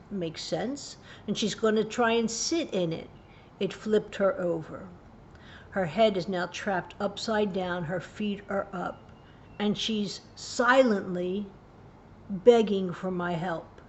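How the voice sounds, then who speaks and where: A woman hosting a parenting tips show, earnestly retelling a personal story, dropping to a hushed voice at grave moments. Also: highs cut off, a little hiss or hum. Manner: earnest, vivid retelling with hushed low passages. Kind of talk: personal story told to camera.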